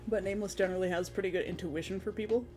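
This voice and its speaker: A streamer chatting casually in a rambling, animated way, recapping a tabletop game and slipping into quick quoted voices of the characters. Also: medium pitch.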